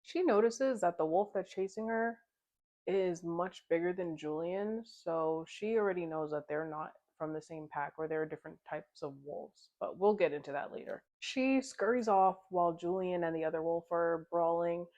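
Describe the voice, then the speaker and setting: A woman's voice: fairly low pitch, moderate pace, darkish tone. A woman casually recapping a novel in a chatty, giggly way, slipping into the characters' lines as she retells the plot. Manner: chatty retelling, slips into quoted dialogue. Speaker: book club vlogger.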